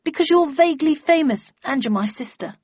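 A woman's voice: high-pitched, animated, fairly quick, darkish tone, no echo, lo-fi sound, voice pushed up. A woman voicing a dour, grim adult brother who is a minister, in a storybook reading.

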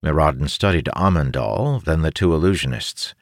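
A man narrating a fantasy audiobook in a measured, expressive storytelling manner. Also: very deep voice, no echo, studio quality.

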